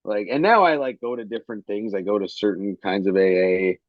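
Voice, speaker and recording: A man with a lowish voice talks as a guest over a video call. The audio is dry and muffled, with no room sound. He rambles freely and fills his sentences with "like". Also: fairly quick, no room sound. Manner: rambling, loose, many "like" fillers. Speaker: comedian guest. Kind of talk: casual conversational interview.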